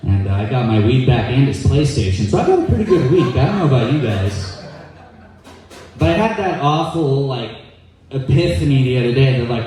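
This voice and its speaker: A man's voice: mid-range voice, far from the mic. Young man doing stand-up in an echoey room. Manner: deadpan, quick asides, acts out quoted voices. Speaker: stand-up comedian. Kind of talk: stand-up comedy set.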